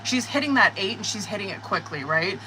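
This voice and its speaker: Bright-voiced, excitable woman tarot reader. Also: medium pitch, fairly quick, a little hiss or hum, poor audio. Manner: excitable, cursing, talks to viewers. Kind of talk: live-stream tarot reading.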